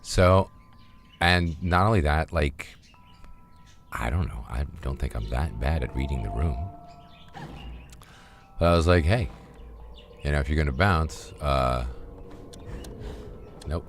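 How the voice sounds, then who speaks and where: Over slight background noise, a middle-aged gaming streamer rambles through a story in a rumbling low voice. His delivery is casual and profane, stuffed with fillers.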